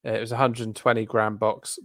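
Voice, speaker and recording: A man's voice: fairly low pitch, flat delivery, fast talker, crowd noise. Hesitant man hosting a chat podcast. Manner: hesitant, lots of ums and restarts. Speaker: podcast co-host. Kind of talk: casual chat.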